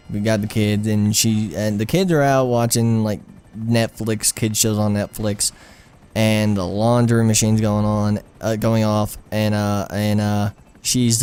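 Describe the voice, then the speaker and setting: A man's voice: fairly low pitch, a little mellow, smooth. A young man telling a personal story over gameplay in a rambling, profane, frank way. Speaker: gaming storyteller.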